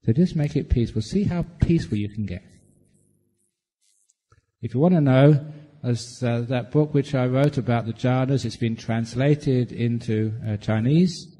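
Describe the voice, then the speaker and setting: Mellow-voiced monk guy doing meditation q&a, jokey and laid back, lots of hall echo. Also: mid-range voice, moderate pace. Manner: playful, humorous and relaxed. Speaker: Buddhist monk and meditation teacher. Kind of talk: meditation retreat Q&A teaching. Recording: long hall reverb.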